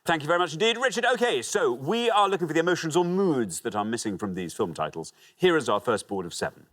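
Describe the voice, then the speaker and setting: A man's voice: a little high, very animated, fast, a bit bright. A man hosting a TV quiz show, chatty and jovial with the contestants. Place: TV studio.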